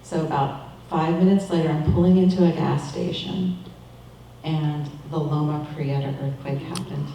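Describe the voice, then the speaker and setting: Calm woman preaching in an echoey room. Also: low-pitched, distant mic, a little hiss or hum. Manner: calm, measured, reflective. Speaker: minister. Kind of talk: sermon.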